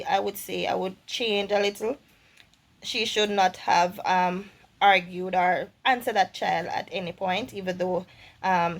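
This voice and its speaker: A middle-aged woman vlogger giving earnest, measured commentary to camera, with small restarts. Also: medium pitch.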